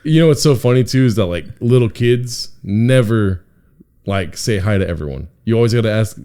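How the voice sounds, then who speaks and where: A man's voice: lowish voice, moderate pace, clear, resonant tone. A man co-hosting a podcast in casual chat, telling stories with acted-out quotes and frequent laughter. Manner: animated storyteller, acts out quotes, laughs often. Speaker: podcast co-host.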